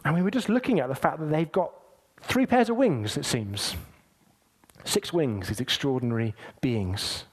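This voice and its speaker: A man's voice: fairly high pitch, lively intonation, normal speed, husky. A young man preaching a sermon in an earnest, conversational, heartfelt way.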